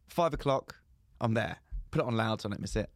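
In a brisk, gravelly, fairly low voice, a young man co-hosting a podcast relates a funny story, voicing both ends of phone calls. The studio-quality recording has no echo.

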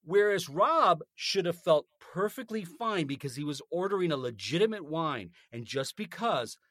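In a clean, dry studio recording, a North American man co-hosting a podcast launches into an indignant, profanity-laced story in a casual chat. His somewhat high, slightly bright voice has a sing-song lilt and moves at normal speed.

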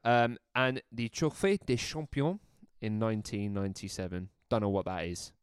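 A man's voice: lowish voice, normal speed, smooth, no room sound, studio quality. A man hosting a football podcast, enthusiastic and rambling. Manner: enthusiastic, rambling, full of restarts. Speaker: podcast host. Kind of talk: casual football chat.

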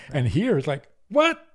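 Mellow-voiced older man telling wry stories. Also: medium pitch, moderate pace. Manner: wry, animated storyteller with deadpan humor. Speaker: rabbi, guest. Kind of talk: interview conversation.

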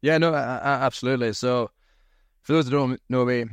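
A man's voice: medium pitch, fairly even intonation, brisk, clear, resonant tone, no echo. A man from Aberdeen with a Scottish accent, telling easygoing, self-deprecating stories as a podcast guest. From Aberdeen, Scotland. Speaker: podcast guest, rugby team captain. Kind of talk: casual interview storytelling.

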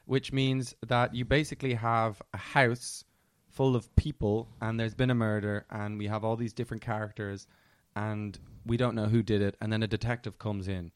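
A man's voice: fairly low pitch, little pitch movement, normal speed, hardly any pauses, clean tone, dry recording, studio quality. Chatty man co-hosting a film podcast. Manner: chatty, laughs easily, trails off searching for names. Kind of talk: casual chat.

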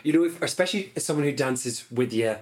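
Animated man, chatty podcast guest. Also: medium pitch, fast. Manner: animated, swearing storyteller, acts out other people. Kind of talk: casual chat.

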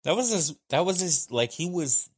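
A man's voice: on the high side, expressive, moderate pace, breathy edge. A man joking wryly with friends about a show, often laughing into his lines. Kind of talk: casual anime recap chat.

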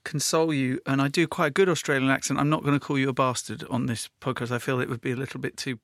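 A man's voice: medium pitch, steady tone, fast talker, a bit bright. A man hosting a podcast, introducing clips and teasing his guest playfully. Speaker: podcast host. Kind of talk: casual chat and scripted links.

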